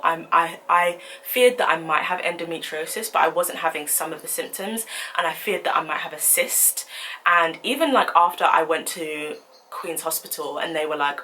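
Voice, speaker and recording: A young woman telling a story in a vlog, animated and indignant as she recounts it. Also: sits low, a little hiss or hum, rough recording. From United Kingdom. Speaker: vlogger.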